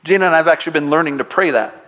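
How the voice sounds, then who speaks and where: A man's voice: on the high side, racing, fairly bright tone. A man preaching a sermon as a pastor, talking to his congregation in a conversational way with playful asides, his voice rising emphatically on exclamations.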